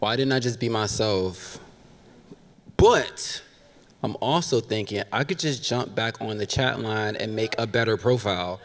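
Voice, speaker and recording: A man's voice: fairly low pitch, unhurried, a little hiss or hum. A man telling a funny personal story on stage, animatedly acting out everyone's lines in shifting voices. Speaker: live storyteller. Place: theater stage before a live audience. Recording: long hall reverb from a live stage.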